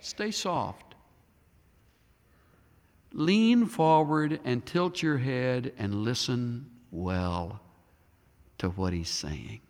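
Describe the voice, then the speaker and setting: A man preaching a sermon as a pastor, dramatic, swinging between loud emphasis and hushed near-whispers. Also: mid-range voice, animated, very slow, long pauses. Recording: long hall reverb.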